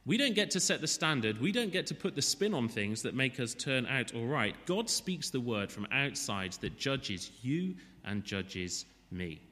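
A man's voice: mid-range voice, big pitch swings, moderate pace, hardly any pauses, pushed and bright, big-room sound. A man from Wales preaching a sermon, chatting and joking before he turns to his text.

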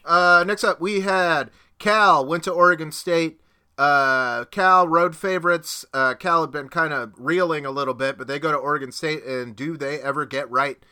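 Bright-voiced man, chatty podcast host. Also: fairly high pitch, normal speed, clear, resonant tone. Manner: chatty, laughs often, loose and joking. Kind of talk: casual sports podcast chat. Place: home podcast studio.

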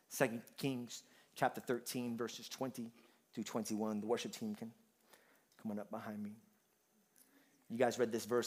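A man preaching a sermon, moving from quiet, humorous storytelling to loud, rising preaching. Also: medium pitch, normal speed, pauses often, slightly rough. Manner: humorous, conversational asides. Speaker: pastor.

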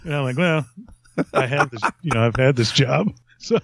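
A male podcast host with a medium-pitched, slightly bright voice and some vocal fry speaks at normal speed. He rambles through a long story, chuckling often, with no room sound and a dull lo-fi quality.

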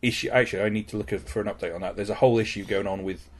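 A man's voice: on the low side, steady tone, rapid-fire. A man in casual chat, explaining his collection in detail.

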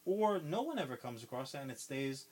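A man's voice: medium pitch, brisk. A man co-hosting a podcast, telling a film plot in casual chat and swearing often. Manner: animated, swears often, retells plots. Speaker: podcast co-host.

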